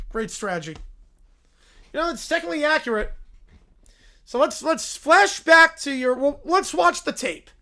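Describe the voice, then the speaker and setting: A male livestream host riffs through comic sketches in a quick, mock-broadcaster patter. His voice sits high and bright. His delivery leaps about in pitch. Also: expressive, vocal fry. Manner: rapid mock-sportscaster narration. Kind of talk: improvised comedic sketch commentary.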